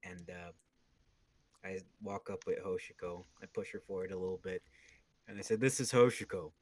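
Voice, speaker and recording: A man playing a character in a tabletop role-playing game, speaking in a measured, formal way. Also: low-pitched. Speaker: player.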